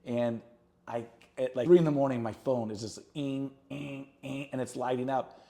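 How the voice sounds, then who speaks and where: A middle-aged man, a real estate agent on a podcast, telling lively stories and acting out the people in them. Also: mid-range voice, normal speed. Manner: lively, acts out quotes in his stories. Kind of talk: animated storytelling in an interview.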